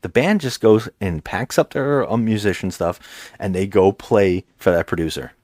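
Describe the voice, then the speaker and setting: Male podcast co-host, lowish voice, close dry mic; casual movie recap, acts out lines. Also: moderate pace, no room sound. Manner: animated retelling, quotes characters in raised voices.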